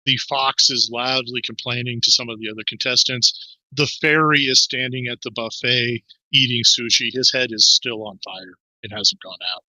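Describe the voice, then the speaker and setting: A man with a strikingly bright voice narrates a tabletop role-playing game as its game master. He tells the scene briskly with plenty of fillers, recorded close and dry. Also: mid-range voice, steady tone, no room sound, rough recording.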